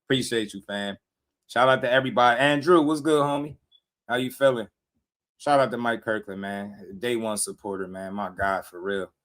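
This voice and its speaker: A man's voice: mid-range voice, moderate pace. Slangy man hosting a boxing stream. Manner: slangy, loose, shouts out viewers. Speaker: live stream host. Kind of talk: casual boxing live stream chat.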